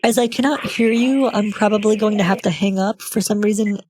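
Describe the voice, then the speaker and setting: A man's voice: high-pitched, steady tone, fairly quick, a little mellow, slight background noise, pitched above the performer's own voice, close to an everyday voice. A man putting on the voice of a cheerful woman customer service agent, overly polite and pretending he cannot hear the caller, on a headset. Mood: cheery stalling. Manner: overly polite, stalling, feigns not hearing.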